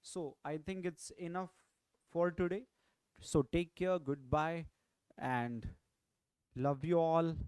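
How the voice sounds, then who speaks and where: Indian english guy teaching vocab, slightly high voice, keeps asking right?, dry close sound. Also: fairly even intonation, slow pace, pauses often, a little mellow, smooth, dry recording. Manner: explanatory, repeats key phrases, checks in with "right?". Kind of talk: online exam-prep lecture.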